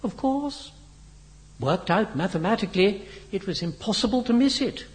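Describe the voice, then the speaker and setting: A man's voice: high-pitched, very animated, normal speed, pitched above the performer's own voice. A man voicing a smug young pilot who talks casually and offhandedly.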